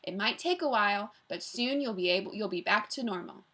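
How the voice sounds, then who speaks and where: A woman's voice: mid-range voice, animated, brisk, pushed and bright. A woman reading aloud, voicing a cheerful school cook with a sing-song manner. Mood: chirpy.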